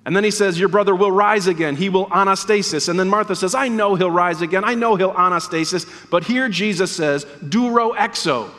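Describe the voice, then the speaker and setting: A man's voice: sits high, fairly quick, hardly any pauses, a bit bright. A man preaching a sermon in a church as pastor, earnest and emphatic, repeating key words for weight. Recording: long reverb of a church hall.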